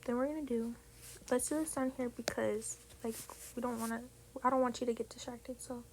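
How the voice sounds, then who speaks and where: Chatty and foul-mouthed, a young woman gives a relaxed math tutorial on a tablet screen, dropping to whispers while she calculates. The voice runs on the high side, steady and brisk, with a slight hiss or hum.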